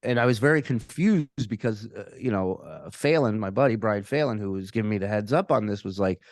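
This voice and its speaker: A man telling a story as a podcast guest, animated and profane, often repeating words as he restarts his sentences. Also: on the low side, a little fast, no room sound, clean studio sound. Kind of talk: casual storytelling.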